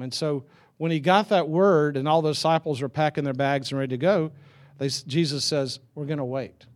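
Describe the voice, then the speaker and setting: Middle-aged man preaching, conversational and anecdotal, a touch higher-pitched. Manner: conversational storytelling with chuckles and restarts. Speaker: pastor. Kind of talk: sermon.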